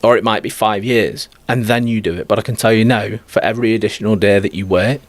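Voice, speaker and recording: Blunt low-voiced male life coach. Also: steady tone, fast talker, no echo. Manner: blunt, direct and emphatic. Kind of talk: podcast conversation.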